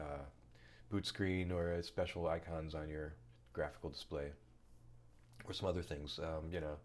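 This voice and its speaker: A man with a deep, low voice chats casually on a live coding stream. He jokes in a silly put-on foreign accent and rambles with plenty of fillers. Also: a little mellow. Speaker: firmware developer streaming his coding work.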